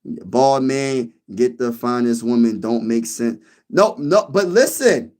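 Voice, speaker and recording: A young man from Pennsylvania hosting a casual sports talk stream, slangy and animated, repeating lines for emphasis. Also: medium pitch, slow. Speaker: sports show host. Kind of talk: casual live-stream chat.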